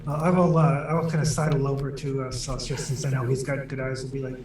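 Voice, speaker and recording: A man's voice: medium pitch, flat delivery, fast talker, hardly any pauses. A man talks casually and a bit hesitantly while playing a tabletop game. His voice comes from some distance, with a roomy echo around it. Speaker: player.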